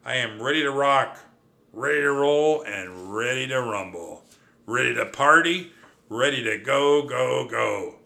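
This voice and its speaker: A man voicing a brash, cocky male mouse cousin who boasts and shouts in an audiobook. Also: on the low side, unhurried. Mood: boisterous. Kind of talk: audiobook character voice.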